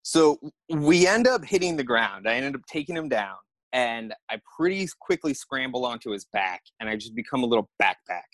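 A man tells a story on a podcast in a casual, animated voice of middle pitch. He acts out each scene as he describes it. The sound is dry and close to the studio mic. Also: fairly quick, hardly any pauses, no room sound. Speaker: podcast guest.

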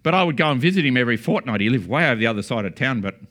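A man's voice: mid-range voice, lively intonation, very fast, a bit bright. A man preaching a sermon, telling a testimony story and declaring points with emphasis.

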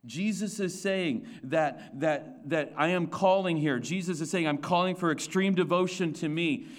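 Preaching on a Sunday, this male pastor has a noticeably high voice. He throws rhetorical questions at his listeners, repeats key points for emphasis, and trips over false starts as each idea takes shape.

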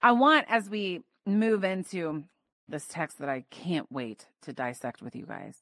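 A young adult woman hosting a devotional podcast, teaching earnestly and emphatically, dropping soft and then rising to exclaim. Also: lowish voice, sing-song, unhurried, no echo. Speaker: podcast host and Bible teacher.

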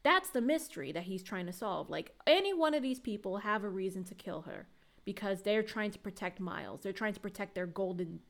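Woman calmly explaining in casual chat. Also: mid-range voice, brisk, creaky. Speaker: podcast co-host. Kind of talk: casual film discussion.

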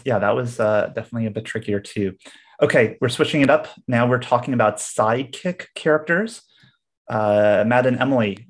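A man hosting a quiz game, reading out movie quotes slowly and keeping time on the players. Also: fairly low pitch. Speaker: quiz host.

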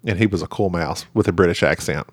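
A man's voice: sits low, quick pace, husky, no room sound. A man with a Southern US accent co-hosting a casual chat, rambling and laughing often. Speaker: podcast co-host.

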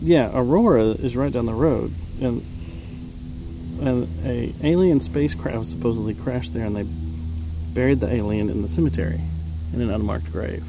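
A woman, a guest on a casual outdoor podcast by a lake, cracking deadpan jokes in country talk. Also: extremely low pitch, moderate pace, over music. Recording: noisy outdoor recording.

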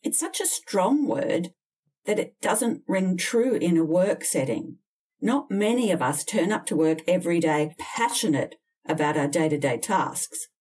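Direct woman coaching, husky tone. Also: lowish voice, lively intonation, measured pace, a little mellow, far from the mic. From Australia. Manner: direct, emphatic, candid. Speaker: interview and communication coach. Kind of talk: instructional advice talk.

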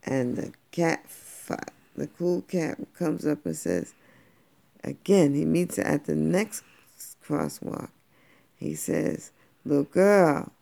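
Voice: medium pitch, big pitch swings, slow pace, creaky, mellow. A parent improvising a playful, slangy bedtime story for a child, doing the voices.

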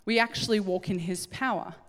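A middle-aged woman preaching a sermon, animated and acting out little scenes in different voices. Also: medium pitch, brisk. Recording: echoey hall with long reverb.

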